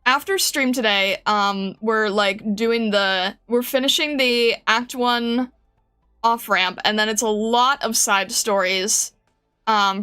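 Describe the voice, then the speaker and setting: A woman's voice: a little high, bright, forceful tone, clear, resonant tone. Giggly streamer woman chatting to viewers. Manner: giggly, rambling, restarts, chats to viewers. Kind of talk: casual live-stream chat.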